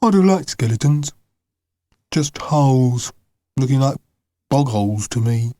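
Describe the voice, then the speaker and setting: A man's voice: medium pitch, animated, unhurried, dark tone, no echo, natural voice. A man reading an audiobook, voicing a young boy who sounds plaintive. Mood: disappointed. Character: disappointed young boy friend.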